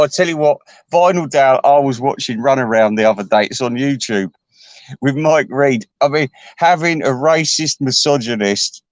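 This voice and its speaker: Guy rambling at his viewers, swears a lot, laughs a lot, voice jumps way up sometimes, mid pitch, dry close sound. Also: dry recording. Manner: rambling, sweary, chuckling often, voice jumping up high. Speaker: host chatting to viewers. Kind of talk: casual rambling chat.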